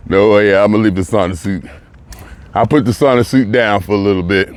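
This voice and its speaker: A man's voice: on the low side, steady tone, brisk. A man vlogging while walking outdoors in the sun, slightly out of breath, talking in a rambling, reflective way and often restarting his phrases. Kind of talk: casual spoken monologue while walking.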